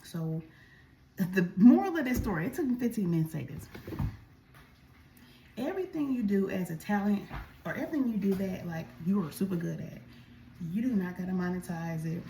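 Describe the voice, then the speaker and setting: A woman's voice: medium pitch, lively intonation, a little fast, long pauses, warm tone, slight background noise. A woman vlogger telling a story in a chatty, casual way while she eats, speaking straight to her viewers. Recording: echoey room.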